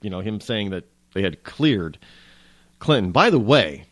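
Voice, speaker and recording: Unhurried and very animated, a fairly low-voiced man hosts a casual talk radio monologue, musing aloud in a wry, rambling way and often breaking off to start again.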